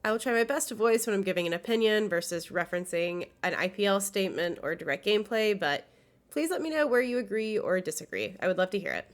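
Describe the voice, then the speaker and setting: In a medium-pitched, expressive voice and at a quick pace, a sick young woman presents scripted video essay commentary. She sounds nasal and congested yet earnest and enthusiastic, with occasional fillers.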